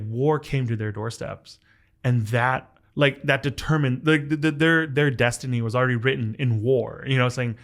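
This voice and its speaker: A man of middle pitch hosts a podcast conversation, reaching for words with lots of "like"s and restarts. He speaks earnestly and with open emotion, addressing his guest directly as he recounts a personal story. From United States. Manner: earnest, emotional, filler-heavy storytelling with many "like"s. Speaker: podcast host. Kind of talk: heartfelt interview conversation.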